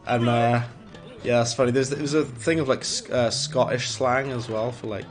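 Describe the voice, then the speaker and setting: A man's voice: mid-range voice, fairly even intonation, moderate pace. Chatty male gamer rambling over gameplay. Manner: chatty, rambling, chuckles at his own jokes. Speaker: gaming streamer. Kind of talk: casual gameplay commentary. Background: faint game music.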